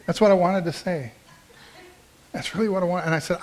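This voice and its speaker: A middle-aged man preaching from the pulpit, with a voice that sits a little high for a man. He tells his sermon as a personal story and slips into the voices of the people he quotes. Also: fairly quick, pauses often. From American Midwest. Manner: storytelling, acts out quoted dialogue, conversational. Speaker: pastor.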